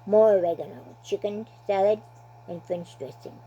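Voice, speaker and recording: A woman's voice: medium pitch, normal speed, mellow, slight background noise. An older woman reading a list aloud at home, stumbling over words and adding chatty asides. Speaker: blogger. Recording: dull lo-fi recording.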